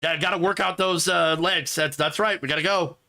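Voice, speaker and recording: A man's voice: on the high side, steady tone, brisk, vocal fry, bright, forceful tone. A man hosting sarcastic political commentary, mocking and mimicking the people he talks about. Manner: mocking, with exaggerated mimicking voices.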